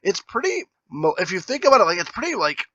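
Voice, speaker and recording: A man's voice: high voice, big pitch swings, fast talker, pushed and bright, muffled recording. A man co-hosting a casual movie-review podcast, musing aloud with lots of filler words. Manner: musing, hedging with fillers while laying out a theory. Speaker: podcast co-host.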